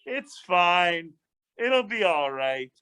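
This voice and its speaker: A smooth-talking, tempting serpent, coaxing and breezy, pitched well above an everyday man's voice, as a man puts it on. The delivery is casual and playful. It is pushy, like a friend daring someone. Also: big pitch swings, very slow, pushed and bright, exaggerated voice. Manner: coaxing, breezy, peer-pressuring.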